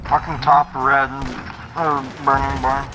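A man's voice: mid-range voice, flat delivery, slow pace, over music. A man in game voice chat, trash-talking and profane. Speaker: teammate in voice chat. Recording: noisy game voice chat mic.

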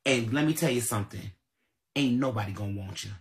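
Man, AAVE, livestream rant, confrontational, repetitive, profane, mid-pitched voice. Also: fairly quick. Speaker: livestream commentator. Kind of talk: ranting livestream commentary.

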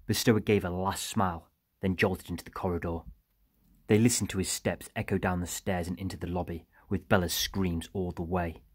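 A man narrating an audiobook in a steady storytelling manner. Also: low-pitched, brisk, husky, no room sound, clean studio sound. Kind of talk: scripted narration.

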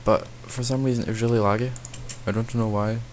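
A man's voice: mid-range voice, fairly even intonation, brisk, slight background noise. A young man, rambling and joking at himself in casual let's-play commentary at his computer mic. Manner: rambling, self-mocking, talks to himself while playing. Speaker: gaming channel host.

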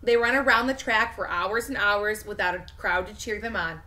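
A woman teacher giving an expressive interactive read-aloud of a children's novel for fifth graders. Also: medium pitch. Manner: lively expressive reading, pausing to talk to a baby and the class.

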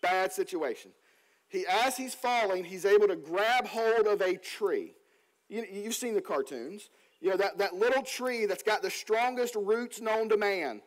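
A male pastor delivering a sermon, telling stories earnestly and slowing down to read scripture. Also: sits high, poor audio. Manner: earnest storytelling, slows down on scripture.

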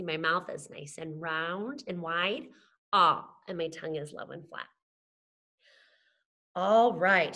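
A woman teacher leads young children through a phonics lesson, chanting letters and sounds in a sing-song way and encouraging the class with praise. Her voice is medium-pitched with a sharp tone.

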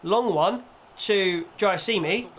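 Male gaming creator with a high voice, lively commentary that breaks into shouts. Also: slow. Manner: reacts loudly, shouts at goals and the referee. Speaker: gaming YouTuber. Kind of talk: excitable gameplay commentary.

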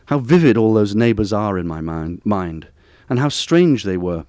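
Low-voiced man reading his essay. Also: animated, darkish tone, dry recording, clean studio sound. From Durham, northern England. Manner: measured, wry, literary delivery. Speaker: author reading from his book. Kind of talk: reading aloud from a personal essay. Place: bookstore reading event.

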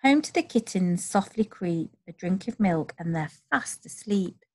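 A woman reading a children's bedtime story aloud, gentle and slow, with high, playful animal noises. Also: lively intonation.

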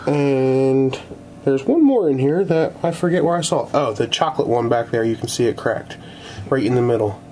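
A woman's voice: a bass voice, animated, normal speed, darkish tone, slight background noise. A woman explaining things step by step on camera in a casual way.

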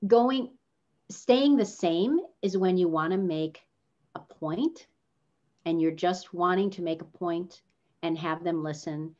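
A woman coaching a workshop on video presence, talking casually and changing her pitch up and down to demonstrate intonation. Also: highs cut off. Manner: casual, with fillers. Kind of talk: teaching workshop.

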